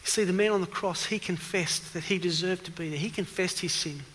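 A man's voice: sits high, brisk, fairly bright tone, a little hiss or hum. A man preaching an evening sermon who asks questions and presses home his points with emphasis, recorded in a church hall with a long reverb. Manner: questioning, emphatic, rises in force.

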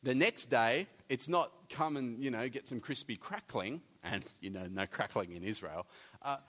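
Man, sermon, animated, joking asides, long hall reverb. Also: mid-range voice, normal speed, a little hiss or hum. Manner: animated, jokey asides with wide swings between loud and soft. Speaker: preacher.

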